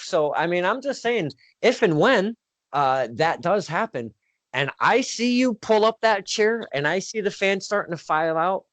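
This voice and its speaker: A man hosting a podcast, telling stories in an excitable, sweary, casual way. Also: high voice, no room sound. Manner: excitable storyteller, swears freely. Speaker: podcast host. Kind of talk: casual interview chat. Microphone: video call.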